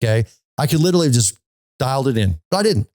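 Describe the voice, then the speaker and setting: A man's voice: mid-range voice, rapid-fire, no room sound. A man hosting a golf podcast, telling a story casually and animatedly, often stopping to ask "okay?". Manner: animated, repeats himself, often asks "okay?".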